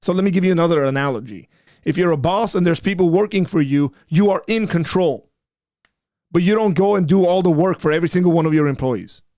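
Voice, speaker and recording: Male host, fairly high voice, dry close mic, blunt explainer. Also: quick pace, a little mellow, no room sound. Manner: explanatory, blunt and emphatic when rebutting. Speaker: apologetics show host. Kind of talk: livestream discussion.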